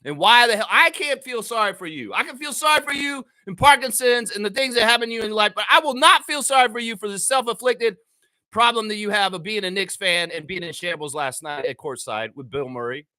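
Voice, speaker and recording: A man hosting a sports show, ranting heatedly in casual, profane talk and often shouting. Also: sits high, fairly quick. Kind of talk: casual fan rant.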